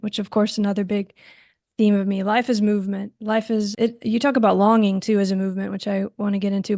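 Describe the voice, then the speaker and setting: A woman's voice: medium pitch, vocal fry, darkish tone, no room sound, clean studio sound. A woman philosopher hosting an interview, thoughtful and musing, often restarting her sentences. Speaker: philosopher and podcast host.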